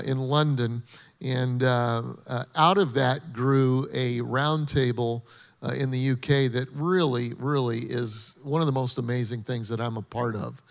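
A man, the host pastor, introducing a guest speaker in a halting way with many fillers. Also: mid-range voice, creaky. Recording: long hall reverb.

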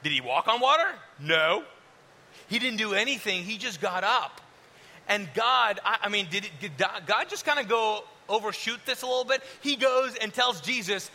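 High, sharp-voiced preaching man. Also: expressive, moderate pace. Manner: casual, conversational preaching that drops to soft, hushed tones. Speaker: pastor. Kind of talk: sermon. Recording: long hall reverb, faint hiss.

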